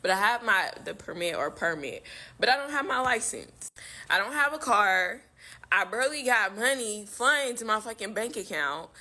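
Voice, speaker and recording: Tearful twenty-something woman, frustrated and sweary, bright tone. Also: medium pitch, animated, moderate pace. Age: 20s. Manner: frustrated, swearing, self-critical. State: close to tears. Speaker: vlogger in a played clip. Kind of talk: emotional confessional vlog.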